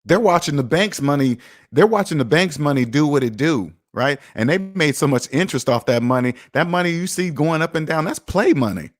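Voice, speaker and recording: A man's voice: a little high, lively intonation, fairly quick. A man hosting a personal finance livestream, speaking casually and emphatically, lecturing viewers and reading out their comments. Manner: emphatic, preachy, reads viewer comments aloud. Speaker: finance channel host.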